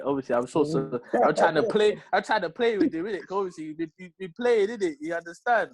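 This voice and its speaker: A young man with a London accent, telling a story in an animated, slang-heavy way as a podcast co-host. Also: sits high, fast, few pauses. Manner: slangy, lively, full of street slang tags. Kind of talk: animated storytelling in casual chat.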